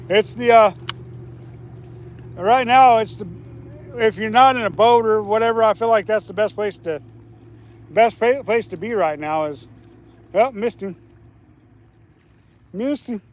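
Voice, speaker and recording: Man with a high voice, easygoing rambling streamer, chatting to viewers while fishing outdoors. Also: a little slow, long pauses. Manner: easygoing, rambling, restarts often. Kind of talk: casual live stream chat. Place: outdoors by a lake.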